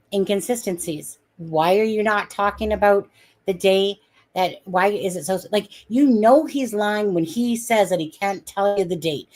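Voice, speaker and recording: An outspoken woman talking on a live stream with an ordinary mid-range voice. She is indignant and blunt, and she swears freely as she argues her points. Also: medium pitch. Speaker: guest commentator. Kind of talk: casual live-stream commentary.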